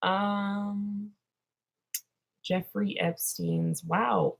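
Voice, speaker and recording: A woman's voice: medium pitch, extremely slow, gravelly, long pauses, poor audio. A young woman vlogger answering viewer questions in a rambling, drowsy way that trails off into mumbles. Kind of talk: casual livestream Q&A chat.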